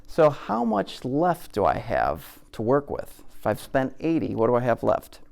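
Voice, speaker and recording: A man gives a live caricature demonstration to an audience. He talks in a relaxed, jokey way, with a mid-range voice, and keeps asking the room questions to keep them involved. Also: mid-range voice, measured pace, vocal fry. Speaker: caricature artist giving a demonstration. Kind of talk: live teaching talk to an audience.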